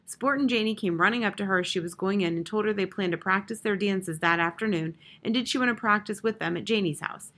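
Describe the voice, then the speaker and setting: A woman reading a children's novel aloud with expressive, measured narration. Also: medium pitch. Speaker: audiobook reader. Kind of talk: storybook narration.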